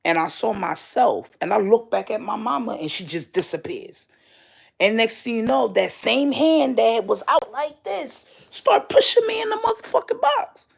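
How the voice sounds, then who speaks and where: Gravelly, husky woman telling a story. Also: fairly high pitch, sing-song. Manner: candid, swears freely; slow and drawn out. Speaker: vlogger. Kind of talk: casual storytelling about dreams.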